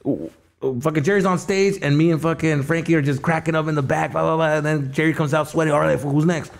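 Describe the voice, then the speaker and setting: A man's voice: on the high side, fairly even intonation, creaky. A man, a stand-up comedian, chatting as a podcast guest in a loose, profane, slangy way. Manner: fast, profane, slangy storytelling. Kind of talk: casual podcast chat.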